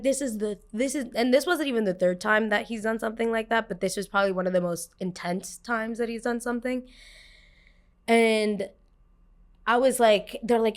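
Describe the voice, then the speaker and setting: A woman hosting a podcast, telling a personal story with animated, dramatic delivery that swings from soft asides to loud bursts. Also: medium pitch. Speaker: podcast host.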